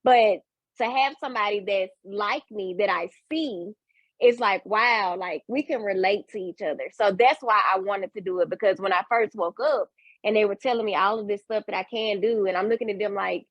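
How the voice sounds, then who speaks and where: A woman speaking as a peer mentor in a webinar conversation, telling her story with lively acted-out quotes. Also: medium pitch, normal speed, no room sound, dull audio.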